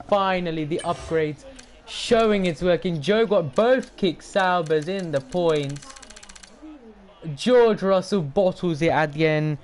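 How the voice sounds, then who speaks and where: Excitable young streamer. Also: male voice, fairly high pitch, slow, a little hiss or hum. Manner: excitable, rambling, talks to chat. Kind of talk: live game stream commentary.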